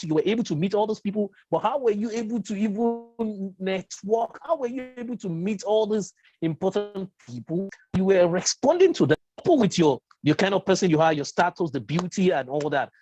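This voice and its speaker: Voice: mid-range voice, moderate pace, few pauses, darkish tone, faint music behind, poor audio. An interviewer asking long, probing questions.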